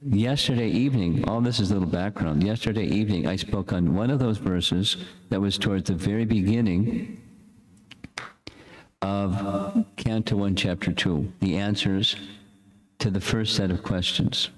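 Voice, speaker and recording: An older man teaching a scripture class to an audience, pausing to lead chanted verses for the room to repeat, in a casual, halting way with restarts. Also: lowish voice. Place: lecture hall with an audience. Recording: echoey lecture room.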